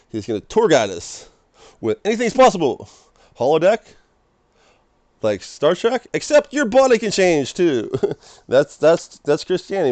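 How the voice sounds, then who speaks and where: A man giving a rambling, excitable casual sermon as a streamer, often breaking into laughter. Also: medium pitch, dry recording. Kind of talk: casual preaching monologue.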